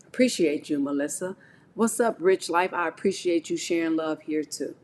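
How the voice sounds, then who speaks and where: A middle-aged woman talking on a live stream, giving an animated, preachy motivational talk about faith and speaking straight to her chat. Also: low voice, normal speed, a little hiss or hum.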